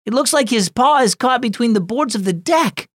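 A man's voice: extremely high pitch, animated, moderate pace, dry recording, studio quality, pitched above the performer's own voice. A man voicing an upset young girl in a children's devotional story, whiny and indignant. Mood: earnest.

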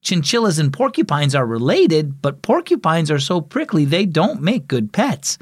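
A man's voice: fairly high pitch, breathy edge, no echo, studio quality. A man voicing a spirited, hot-tempered young girl in a children's audio story. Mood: chatty. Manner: excitable, quick to flare up.

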